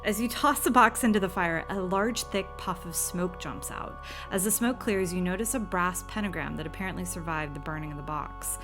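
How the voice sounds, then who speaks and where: A woman's voice: lowish voice, normal speed, over music. Woman reading game text with wry asides. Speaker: game streamer. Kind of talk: retro game playthrough, reading game text aloud.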